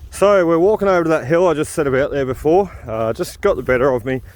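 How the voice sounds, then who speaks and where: A man's voice: on the high side, quick pace, darkish tone. A man chatting casually as he walks outdoors on a hill, rambling with lots of fillers as he hunts for relics. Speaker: vlogger relic hunting. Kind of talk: casual walk-and-talk commentary.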